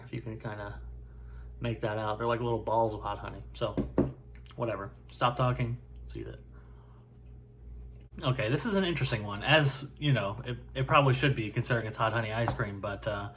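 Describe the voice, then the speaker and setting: A man's voice: medium pitch, fairly bright tone, slight background noise. A man casually reviewing food on camera, rambling with many fillers and repeating himself as he corrects his words.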